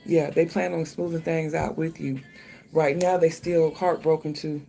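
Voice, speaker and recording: Gravelly, swearing, chatty tarot reader. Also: medium pitch, flat delivery, normal speed, dark tone, soft background music. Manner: loose, thinking aloud, frequent swearing; speaks directly to the viewer. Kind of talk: casual tarot reading.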